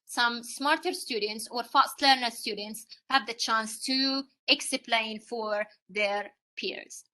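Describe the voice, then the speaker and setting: A woman with a Saudi Arabian accent, a native Arabic speaker, presents to fellow teachers in a fairly high, very bright voice. She explains through questions, fills pauses with "uh" and "um", and checks in with "okay?" as she goes. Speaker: English teacher giving a conference talk. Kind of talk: live teacher-training presentation.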